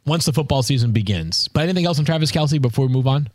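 A man hosting a casual sports podcast, talking in an animated, storytelling way with exasperated asides. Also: medium pitch, fast, dry recording. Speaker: podcast host.

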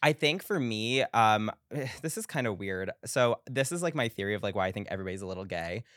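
A man's voice: on the low side, brisk, no echo, studio quality. A young man as a podcast guest in casual chat, telling stories animatedly and acting out quotes. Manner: animated storyteller, acts out quotes.

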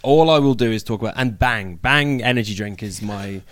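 Joking young British man, low voice. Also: normal speed, a little hiss or hum. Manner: joking, playful, deadpan asides. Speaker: wrestler guest. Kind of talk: casual interview chat.

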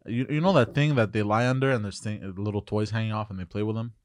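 A man co-hosting a podcast, telling rambling, halting childhood stories in casual chat. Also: lowish voice, fairly even intonation, dry recording, studio quality. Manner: rambling, forgetful, halting storyteller. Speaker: podcast co-host.

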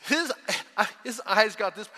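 An older man preaches with emphatic, animated delivery and keeps putting questions to the congregation. His voice is high and bright and swings widely in pitch. The sound carries the long reverb of a church hall. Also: slow pace. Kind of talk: sermon.

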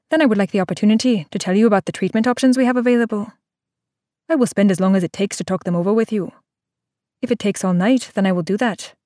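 A woman voicing a calm, firm female doctor in an audiobook, speaking in measured, even tones. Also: medium pitch, no room sound, studio quality, natural voice. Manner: measured, even, growing sharp and insistent. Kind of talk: audiobook character voice.

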